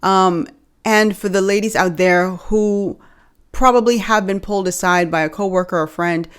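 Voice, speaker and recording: A young woman from the Bahamas chatting casually to camera as a video host, animated and joking, calling her viewers y'all. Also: mid-range voice, normal speed, clear, resonant tone.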